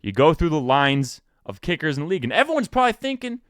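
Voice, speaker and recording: A young man in his twenties talks fast on his solo sports podcast, captured at studio quality without any echo. He keeps it casual and full of jokes, animated, with sudden pitch jumps for emphasis.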